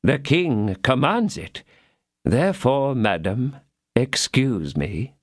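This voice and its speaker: A man reading an audiobook, voicing a dutiful chancellor who speaks firmly, slowly and formally. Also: medium pitch, sing-song, dry recording, clean studio sound. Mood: insistent. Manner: firm, slow, formal and courteous.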